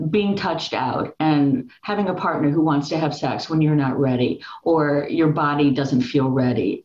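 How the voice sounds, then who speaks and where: A woman author talking about her cartoon book in an interview, telling stories and acting out quotes, often restarting her sentences. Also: deep voice. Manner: animated storyteller who acts out quotes, with many restarts. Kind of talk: interview conversation. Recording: dull lo-fi sound with roomy echo.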